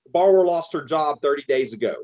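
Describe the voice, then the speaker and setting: High-voiced lender guy chatting, exasperated about deals. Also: lively intonation, fast talker, a little mellow, low-quality recording. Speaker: mortgage lender guest. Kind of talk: casual chat.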